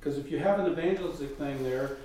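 A man, a guest, telling a personal missionary story in a casual, animated way and mimicking the voices of people in it. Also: a little high, fast talker. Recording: distant mic in a very echoey room, faint noise.

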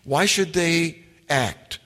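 Male preacher, slightly high voice, unhurried emphatic delivery, long hall reverb. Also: a bit bright. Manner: slow, deliberate preaching with emphatic repetitions. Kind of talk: sermon.

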